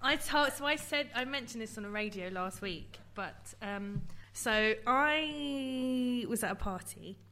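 A woman's voice: on the high side, animated, unhurried, few pauses, pushed and bright. A woman telling a funny story on a podcast, giggling as she goes. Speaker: podcast guest. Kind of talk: casual chat.

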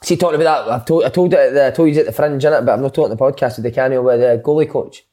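A man's voice: mid-range voice, racing, dark tone. A Scottish man hosting a casual football chat, firing off teasing questions and banter.

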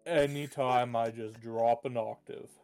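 Big laid-back man, dark mellow voice. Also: mid-range voice, fairly even intonation, unhurried, faint music behind. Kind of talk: casual chat.

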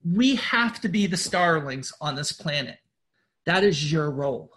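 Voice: medium pitch, expressive, a little slow, fairly bright tone. Blunt, profane spiritual leader urging followers. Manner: blunt, profane, repetitive and rambling; insistent, urging listeners. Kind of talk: informal motivational address.

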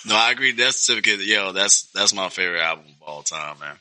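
A man hosting casual chat, hyping others up with quick interjections. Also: deep voice, animated, pushed and bright. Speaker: podcast host.

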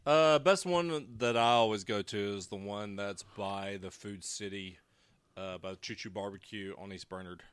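Wisecracking man with a bright voice. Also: on the low side, moderate pace, smooth. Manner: wisecracking, throws in goofy bits. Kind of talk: casual chat.

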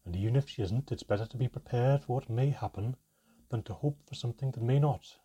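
A man's voice: brisk, dark tone, slightly rough, highs cut off, close to an everyday voice. A man voicing a stern, urgent goblin elder. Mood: commanding. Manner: low, urgent and firm.

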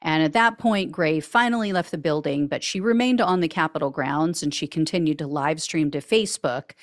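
A woman's voice: low-pitched, normal speed, no echo. Woman host, news podcast recap, dry sarcastic delivery, close dry mic.

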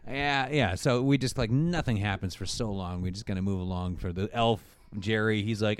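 A man's voice: fairly low pitch, normal speed, hardly any pauses, smooth, dry recording. A young adult man in casual chat, recapping a movie with frequent laughter and jokey put-on voices for the characters. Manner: laughs often, mimics characters in exaggerated voices. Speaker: podcast co-host recapping a movie.

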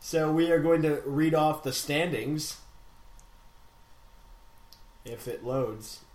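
A young man co-hosting a casual gaming podcast, chatty and animated, stretching out names slowly when he reads league standings. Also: a little high. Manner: animated, slow announcer drawl for standings. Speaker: podcast co-host. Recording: echoey room.

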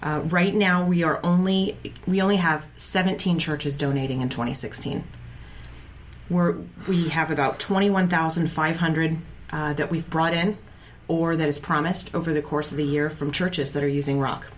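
A woman co-hosting a podcast, talking in a steady, conversational way with frequent fillers. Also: sits low, normal speed, slight background noise. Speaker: podcast co-host. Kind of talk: casual podcast chat.

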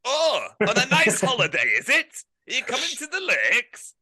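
A man's voice: extremely high pitch, huge pitch swings, moderate pace, a loud crowd, voice pushed up, heavily acted. A man putting on a bluff older male football manager with a Yorkshire accent. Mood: jovial.

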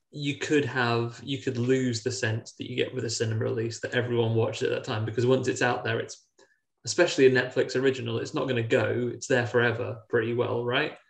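A man's voice: mid-range voice, vocal fry, echoey room. A man co-hosting a casual podcast chat, wry and joking. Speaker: podcast co-host.

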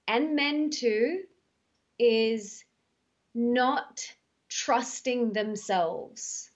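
A woman guest on a podcast, telling stories emphatically and animatedly, often stretching her words out. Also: on the high side. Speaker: podcast guest, author and speaker. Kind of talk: casual conversation. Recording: dull lo-fi podcast audio.

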